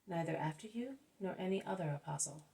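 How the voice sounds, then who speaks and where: Woman reader doing a calm, wise male master; low, slightly gravelly, unhurried. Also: rough recording. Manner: measured, patient explaining.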